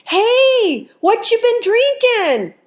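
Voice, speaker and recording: A woman's voice: very high-pitched, very animated, very slow, voice pushed up, heavily acted. A woman voicing a cheerful little old man of about eighty who talks in a friendly sing-song.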